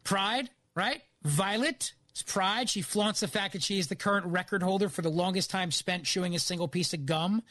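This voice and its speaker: Philly-accented male radio host, opinionated, high and bright. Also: normal speed, hardly any pauses, no echo. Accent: Philadelphia. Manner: animated, opinionated. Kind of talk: talk radio monologue.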